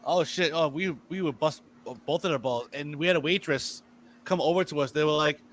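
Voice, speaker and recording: A man's voice: fairly high pitch, fairly quick, a bit bright, slight background noise. Crude, laughing man telling family stories. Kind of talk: casual chat.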